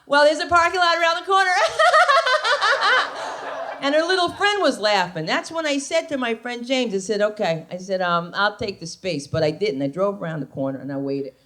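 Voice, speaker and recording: A woman's voice: mid-range voice, lively intonation, a little fast, hardly any pauses. Brash New woman doing stand-up. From New Jersey, USA. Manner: brash storytelling with acted-out quotes and loud punchlines. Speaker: stand-up comedian. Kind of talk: stand-up comedy set. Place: comedy club stage. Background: audience laughter.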